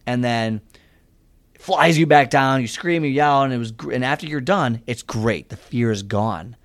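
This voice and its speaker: A man's voice: medium pitch, moderate pace. A man giving a motivational talk on fitness, speaking in an earnest, conversational storytelling way.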